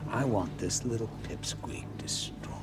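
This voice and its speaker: An actor playing Satan as a smug, scheming devil on trial, cold and menacing. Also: male voice, lowish voice, big pitch swings, a little slow, far from the mic, loud music behind the voice. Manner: cold, menacing, drops to a whisper.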